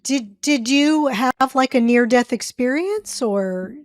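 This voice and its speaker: A woman's voice: sits high, animated, slow, dry recording. Curious woman host, dry close sound. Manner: curious, asks follow-up questions. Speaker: podcast host. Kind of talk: conversational interview.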